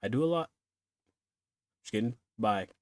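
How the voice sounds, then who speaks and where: A man's voice: fairly low pitch, expressive, moderate pace, darkish tone, dry recording. A young man hosting a solo podcast, rambling and self-deprecating, laughing easily as he chats. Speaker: podcast host.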